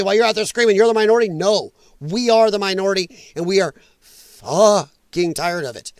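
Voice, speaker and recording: Hosting a reaction show, a man with a high voice angrily rants and keeps repeating himself for emphasis. The recording is dry with no room sound.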